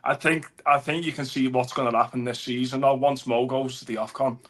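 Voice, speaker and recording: Flat-toned man giving measured opinions. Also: mid-range voice. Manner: measured, speculative, hedging. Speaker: podcast co-host. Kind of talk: casual football chat.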